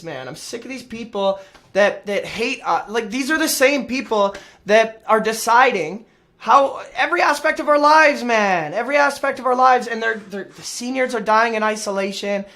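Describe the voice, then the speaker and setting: A worked-up man hosting his own livestream, his voice sitting high for a man. He rants in loose, casual bursts and keeps tagging lines with "man.". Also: animated, moderate pace, bright, forceful tone. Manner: worked-up, ranting, says "man" a lot. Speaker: show host.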